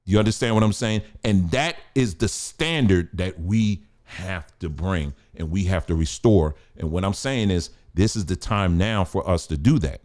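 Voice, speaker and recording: A man's voice: low-pitched, expressive, normal speed, hardly any pauses, a little mellow. A man hosting a casual commentary show, talking in a blunt, emphatic, colloquial way.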